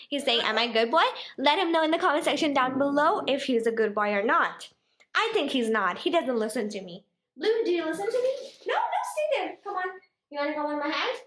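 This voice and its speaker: A woman's voice: high-pitched, expressive, fairly quick, a bit bright, roomy sound, rough recording. A young woman filming her pet parrot at home, coaxing and cooing at it in a giggly baby-talk voice. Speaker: parrot owner and vlogger. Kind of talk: casual vlog talking to a pet.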